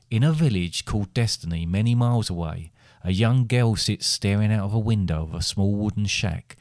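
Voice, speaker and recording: A middle-aged man with a lowish voice reads a silly fantasy tale with dry, deadpan timing. The recording is close and dead, with no room sound at all. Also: dry recording. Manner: deadpan, wry storytelling. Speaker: podcast co-host, father. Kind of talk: comic story read aloud.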